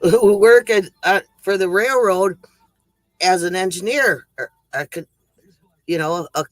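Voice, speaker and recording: On a livestream, a man casually rambles through corny jokes, chuckling at his own punchlines and interrupting himself as he goes. His voice sits high, with a bright, forceful tone. The recording is dry and low in quality.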